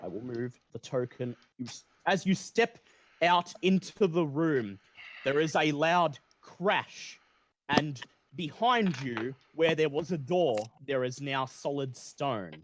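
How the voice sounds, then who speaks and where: Slow, deliberate game master man. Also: on the high side, animated, noisy background. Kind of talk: narrating a tabletop game.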